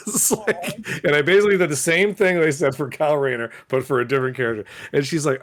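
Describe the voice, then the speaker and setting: A man's voice: on the high side, brisk. A man co-hosting a podcast, telling stories from his shop in a casual, swearing way and quoting customers. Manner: animated, swearing, quotes customers in voices. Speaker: podcast co-host, comic shop worker. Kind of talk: casual storytelling chat.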